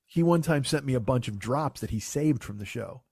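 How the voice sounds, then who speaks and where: A middle-aged man hosts a comedy podcast in a loose, profane chat, mocking himself and slipping into quick impressions of others. His voice sits at an ordinary middle pitch. The sound is dry and close, with no room around it. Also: lively intonation, gravelly, dark tone, husky, dry recording. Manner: profane, self-mocking, acts out voices in quotes. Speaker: podcast host. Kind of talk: casual comedy podcast banter.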